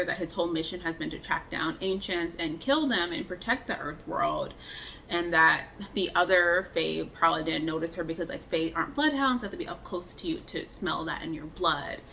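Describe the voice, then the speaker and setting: A woman's voice: on the low side, moderate pace, creaky, sharp tone, a little hiss or hum. Chatty young woman recapping a movie. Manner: chatty, full of "like" fillers, retells scenes animatedly. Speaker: book and film reviewer. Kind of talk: casual commentary review.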